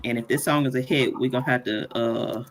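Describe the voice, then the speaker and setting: A man's voice: mid-range voice, steady tone, a little fast, a little hiss or hum. A man hosting a casual live tutorial, chatty and playful, often laughing between points. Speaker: workshop host.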